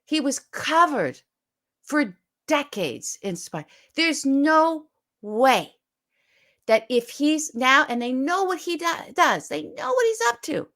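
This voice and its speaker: A woman talks on a political podcast in a bright, higher register. Her pitch rises and falls dramatically as she argues. She hammers her points with vivid retellings and rapid emphasis. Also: very animated. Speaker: podcast co-host. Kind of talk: animated political podcast talk.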